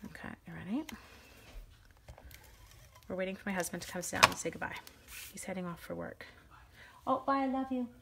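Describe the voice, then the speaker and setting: A woman's voice: on the low side, level tone, a little fast, creaky, pauses often, background noise. A woman in her forties hosting a live craft tutorial from home, rambling and self-deprecating as she greets viewers mid-task. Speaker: stamping demonstrator hosting a live craft stream.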